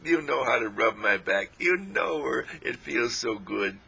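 A man voicing his adoring pet dog, happy and grateful, with a raspy voice. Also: mid-range voice, very animated, measured pace, pushed and bright, exaggerated voice.

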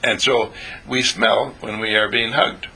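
Gravelly, bright-voiced older man rambling. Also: lowish voice, steady tone, measured pace. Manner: folksy, playful, meandering. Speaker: teacher of a spiritual group. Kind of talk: rambling spiritual talk.

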